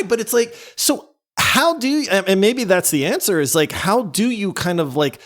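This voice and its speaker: A man's voice: high voice, lively intonation, normal speed, fairly bright tone. A man hosting a gaming podcast, asking long rambling self-deprecating questions. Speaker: podcast host. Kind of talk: casual podcast interview.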